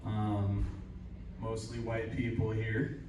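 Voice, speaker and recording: In a cider house's upstairs room, a young comic works a live crowd with rambling, crude jokes at his own expense. His lowish voice is completely flat and slow, and the highs are cut off. Heavy echo, faint room noise, and a far-off voice mark the recording.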